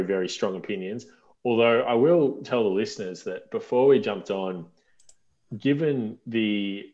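A man hosting a podcast in casual chat, talking in a relaxed, rambling way with fillers. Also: lowish voice. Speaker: podcast host. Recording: dull lo-fi sound.

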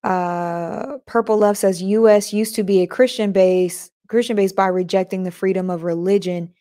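A woman's voice: medium pitch, fairly even intonation, moderate pace, dark tone. A woman hosting a casual faith podcast live stream, chatting with listeners and reading their comments aloud.

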